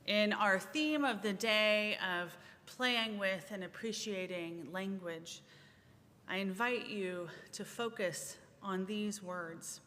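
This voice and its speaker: A woman minister leading a service, speaking in a slow, measured, meditative way with long pauses. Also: sharp tone. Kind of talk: sermon and guided centering. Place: large church sanctuary. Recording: reverberant sanctuary, faint rumble.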